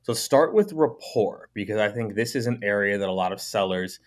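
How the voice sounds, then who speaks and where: A man hosting a sales podcast interview, talking with an energetic, emphatic delivery. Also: fairly low pitch, fairly quick. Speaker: podcast host.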